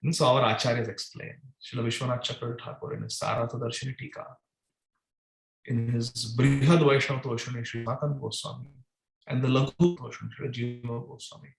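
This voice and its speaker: A man's voice: medium pitch, quick pace, vocal fry, roomy sound. A man giving a devotional scripture class, chanting verses and dramatically voicing sarcastic questions to his listeners. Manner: animated, dramatic, voices the gopis' sarcastic questions.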